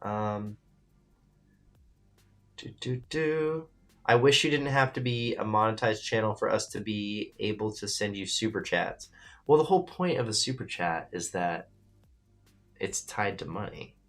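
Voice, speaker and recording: A man's voice: lowish voice, moderate pace, fairly bright tone. A man hosting a casual late-night live stream, rambling as he reads chat comments aloud and talks to viewers, calling them bro and brother.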